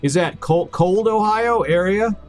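Man, game streamer, casual rambling chat, repeats himself, slightly high voice, faint music behind. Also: unhurried, darkish tone. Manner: rambling, repeats words and restarts often. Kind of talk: casual live-stream chat while gaming.

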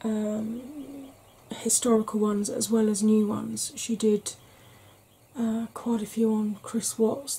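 A Welsh woman chatting frankly in a soft-spoken ASMR vlog, rambling with fillers. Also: mid-range voice, vocal fry, slightly rough. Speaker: ASMR vlogger.

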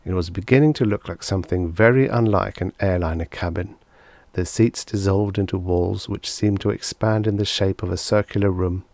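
A man with a very low voice reads vintage science fiction aloud, measured and unhurried. The recording is close and dry, with no room around it. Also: a little mellow, no room sound. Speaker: audiobook narrator.

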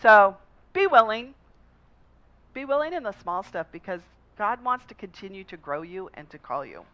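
A woman pastor preaches by telling personal stories in a relaxed, conversational way. Her voice sits at a middle pitch. The recording is slightly dull and lo-fi. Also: normal speed. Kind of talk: sermon.

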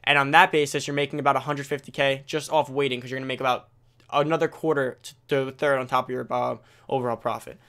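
A teenage male gaming video creator talking fast and casually, restarting phrases as he explains tips straight to viewers. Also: medium pitch, fairly even intonation, a bit bright. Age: teens. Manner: rapid, self-correcting, talks straight to viewers. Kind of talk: fast casual game commentary.

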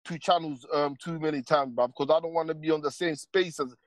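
A man's voice: fairly high pitch, steady tone, brisk, no echo. A man ranting casually on a stream panel, rambling and full of street slang and repeated tags. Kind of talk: casual heated rant.

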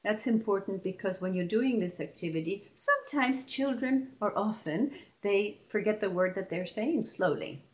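A woman leading a lesson for teachers, explaining patiently and stretching example words out slowly. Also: mid-range voice, animated, dull audio. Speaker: teacher trainer.

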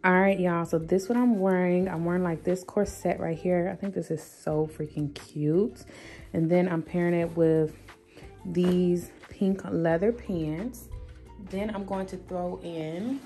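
A young woman talks casually and upbeat to her vlog viewers, greeting them as y'all. Her voice sits a little low and sounds mellow and soft-edged. Faint music plays underneath. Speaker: lifestyle vlogger.

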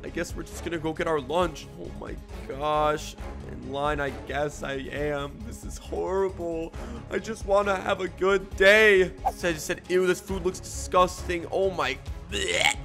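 A man commentating his own gameplay, excitable and animated, swinging between dread and delight. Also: a little high, measured pace, creaky, music in the background. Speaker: gaming YouTuber. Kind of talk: gameplay commentary, reading out other players' chat in put-on voices.

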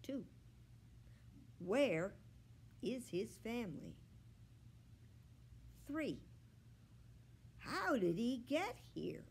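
Woman librarian, children's read-aloud, very slow, lively melody, expressive. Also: a little high, vocal fry, husky. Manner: expressive, unhurried storytelling. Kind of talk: reading a children's book aloud.

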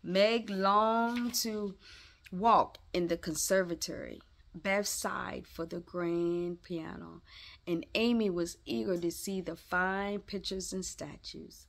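A woman reading a classic novel aloud in a gentle storytelling way, now and then stopping to chat with her listeners. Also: medium pitch, fairly even intonation, creaky. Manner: slow, gentle read-aloud with asides to listeners. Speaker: storybook reader.

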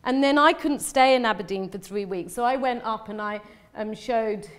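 A woman's voice: fairly high pitch, moderate pace. Chatty, rambling woman giving a talk. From London, England. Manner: rambling, chatty, self-interrupting with frequent restarts; emotionally open, laughs often. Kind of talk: live lecture presenting slides.

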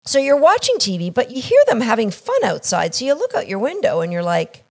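A woman's voice: fairly high pitch, wildly swooping pitch, brisk, slightly rough. A woman from Canada, a dog trainer explaining a training idea, acting out little scenes and checking in with "right?".

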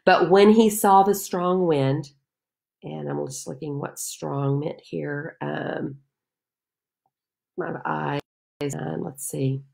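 A woman's voice: low-pitched, steady tone, takes it slowly, vocal fry, pauses often, darkish tone. A woman leading a Bible study, reading scripture aloud and speaking to listeners in an earnest, heartfelt way. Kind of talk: devotional Bible teaching.

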